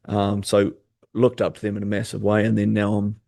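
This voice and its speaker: Low, flat-voiced New man. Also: creaky, no echo, clean studio sound. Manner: easygoing, many "um" pauses. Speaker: basketball player and coach, guest. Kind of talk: casual podcast interview.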